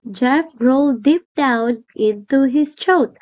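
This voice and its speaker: A woman reading a children's picture book aloud slowly and clearly. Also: on the high side, animated, a little mellow, lo-fi sound. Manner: slow, clear storybook reading. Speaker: storyteller. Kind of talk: children's read-aloud narration.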